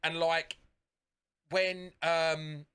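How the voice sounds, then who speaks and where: A man's voice: on the high side, level tone, very slow, sharp tone, smooth. A man co-hosting a podcast, chatting casually, rambling and swearing freely with frequent restarts. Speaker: podcast co-host. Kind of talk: casual chat.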